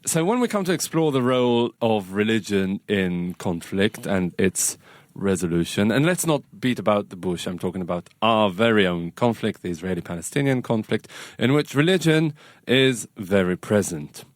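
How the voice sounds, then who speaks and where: A male podcast host with a low voice opens the show and asks his questions in a measured, articulate way. His phrasing carries a dry wit. The recording is dry and close. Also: animated, no room sound. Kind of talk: scripted show intro and interview questions.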